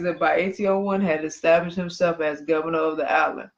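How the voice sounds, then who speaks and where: High-voiced man on a dull livestream. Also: lively intonation, a little fast, a bit bright. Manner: conversational, reads passages then comments with asides. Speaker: podcast co-host. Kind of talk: casual podcast talk, reading history.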